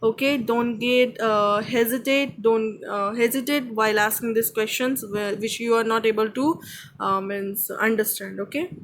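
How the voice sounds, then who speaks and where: A woman's voice: fairly high pitch, unhurried, fairly bright tone, slight background noise, rough recording. A woman teacher with an Indian English accent giving a grammar lesson, explaining patiently and checking with "okay?" after each point.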